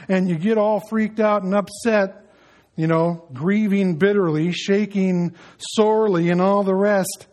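A man preaches a sermon in a relaxed, conversational way. His voice sits fairly high for a man. He slips into quick acted-out asides to make his points. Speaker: pastor.

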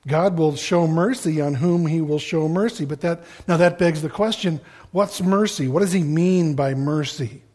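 Animated male preacher, fairly high voice. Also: normal speed, few pauses. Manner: animated, acts out voices of people he quotes. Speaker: pastor. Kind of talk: sermon.

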